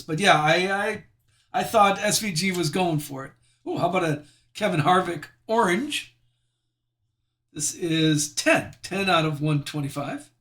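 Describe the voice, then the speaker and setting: A man's voice: high-pitched, a bit bright. A man hosting a live sports card break, chatty and self-deprecating as he reads out each card he pulls.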